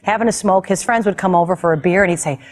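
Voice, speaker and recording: A woman's voice: lowish voice, fast talker, faint music behind. Woman talk host telling a heartfelt story. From United States. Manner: animated, emotional storytelling with laughter. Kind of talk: personal storytelling to a guest.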